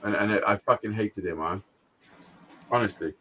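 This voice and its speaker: A man's voice: fairly low pitch, moderate pace, bright, forceful tone. A middle-aged man, co-hosting a podcast and telling a blunt, sweary story with frequent laughs. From Wales. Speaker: podcast co-host. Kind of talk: casual storytelling chat.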